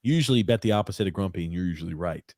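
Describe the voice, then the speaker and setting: A man's voice: deep voice, animated, racing, a little mellow, dry recording, clean studio sound. A young man co-hosting a casual sports podcast, reading ads and comments in a rambling, joking way with many fillers. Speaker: podcast co-host.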